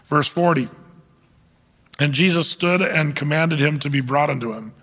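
A man's voice: on the high side, normal speed, fairly bright tone, big-room sound. A male pastor preaching a conversational sermon and reading scripture aloud, with frequent fillers and restarts.

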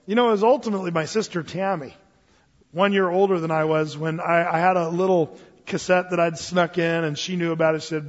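A man preaching a sermon in a church, telling stories with animated delivery and acting out the voices of others. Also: fairly high pitch, a little fast, long reverb tail, lo-fi sound. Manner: animated storytelling, acts out quoted voices. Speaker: pastor.

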